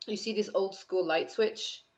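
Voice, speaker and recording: A woman narrating a tabletop game as game master, describing scenes slowly with many fillers and restarts. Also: medium pitch. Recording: dull lo-fi sound.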